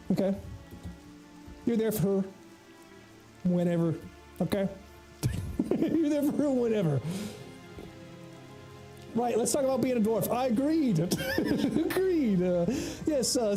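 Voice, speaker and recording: Joking Southern streamer with a mellow voice. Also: male voice, sits high. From United States. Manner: joking, rambling, talks to chat. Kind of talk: casual gaming livestream chat.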